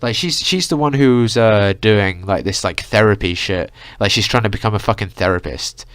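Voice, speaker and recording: A young man vents in a heated, swearing vlog rant, stuffed with "like" and "you know". His voice sits low for a man. The sound is dry and close, with no room echo. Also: normal speed, fairly bright tone, clear, resonant tone. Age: young adult. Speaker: vlogger. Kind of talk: ranting vlog monologue.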